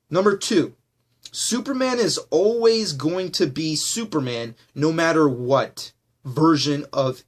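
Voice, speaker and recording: A man with a high-pitched voice rants straight at a commenter, heated and heavy with swearing. He keeps slipping into calmer asides that tell the audience it's all in fun, then winds himself back up. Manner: heated, profane, swinging between yelling and calm asides. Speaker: YouTuber answering a comment. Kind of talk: ranting response video.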